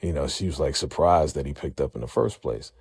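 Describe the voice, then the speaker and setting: A man's voice: rumbling low, fairly quick, creaky, darkish tone, breathy edge, no room sound, clean studio sound. A man hosting a casual, slangy TV episode recap and acting out scenes in voices. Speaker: YouTube recap host.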